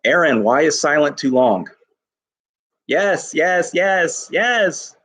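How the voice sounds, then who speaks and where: A male teacher giving an enthusiastic poetry lesson to his class, reading lines slowly and stressing each syllable. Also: on the high side, animated, fairly bright tone, husky.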